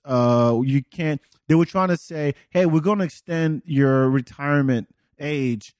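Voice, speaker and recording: A man from France with a French accent, hosting a podcast and telling animated stories in casual chat, swearing freely. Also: fairly high pitch, measured pace, hardly any pauses, dry recording, clean studio sound. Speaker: podcast host.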